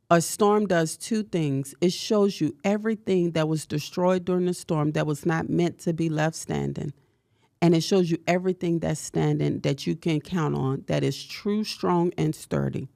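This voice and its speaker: A woman's voice: lowish voice, creaky, darkish tone, no room sound, studio quality. Impassioned preacher-like woman podcast host. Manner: preacher-like, repetitive and confessional. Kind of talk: impassioned motivational talk.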